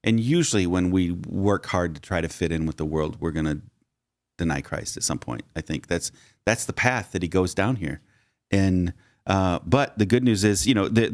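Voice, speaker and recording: A man's voice: low voice, darkish tone, no echo, studio quality. A man co-hosting a podcast, discussing a Bible story and drawing lessons from it in a teacherly way. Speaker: podcast co-host.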